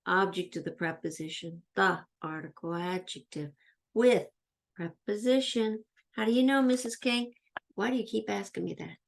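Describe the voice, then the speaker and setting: A woman teacher with a gravelly, medium-pitched voice runs a grammar lesson for kids at a normal pace. She chants labels in question-and-answer drills and playfully quizzes herself, acting as a pretend student who asks her questions.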